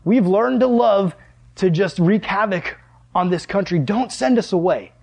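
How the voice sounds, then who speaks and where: A man's voice: high-pitched, animated, unhurried, creaky, a little mellow, slightly rough, exaggerated voice. A man voicing a horde of destructive male demons, begging in a whiny, insistent way. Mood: pleading.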